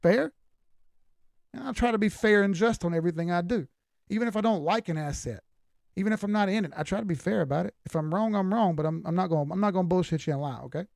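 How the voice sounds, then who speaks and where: Southern-drawling man, high-pitched and blunt. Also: quick pace, vocal fry, darkish tone, no echo. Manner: blunt, folksy and emphatic. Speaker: crypto chart analyst. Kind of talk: live-stream chart commentary.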